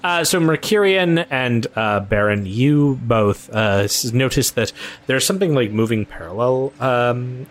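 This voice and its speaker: A man acting as game master, narrating and voicing locals in a chatty, halting way. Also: mid-range voice, expressive.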